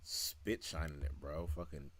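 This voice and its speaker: Low-voiced man, crude laughing commentary. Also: fairly even intonation, measured pace, fairly bright tone. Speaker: game streamer. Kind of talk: let's play reaction commentary.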